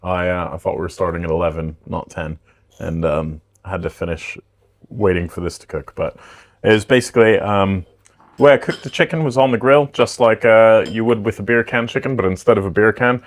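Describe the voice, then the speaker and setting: A man co-hosting a podcast, telling stories and explaining his cooking in a chatty, animated way. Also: low-pitched, fairly quick. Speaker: podcast co-host. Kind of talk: casual chat.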